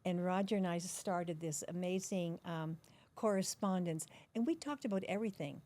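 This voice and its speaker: An older woman, a guest in an interview, telling her story in a chatty, animated way. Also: on the low side, moderate pace. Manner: animated, chatty storyteller who laughs between phrases.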